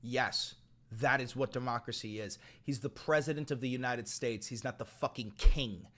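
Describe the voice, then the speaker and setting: A man's voice: medium pitch, moderate pace, fairly bright tone. A man hosting a live political stream, ranting in a heated, profane and mocking way.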